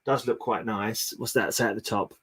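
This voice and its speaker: A man's voice: on the low side, fairly even intonation, normal speed, a bit bright, slightly rough. Chatty man riffing on comics. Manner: chatty, jokey, restarts mid-sentence. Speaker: comic collector co-host. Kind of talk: casual chat.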